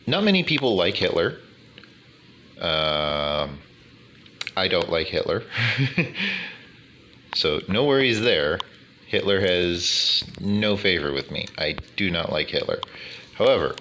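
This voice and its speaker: A man in casual commentary over a game he is playing, talking in slow, wordy, formal phrases with many fillers. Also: deep voice, bright, forceful tone, slight background noise. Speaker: gaming YouTuber. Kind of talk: rambling commentary over gameplay.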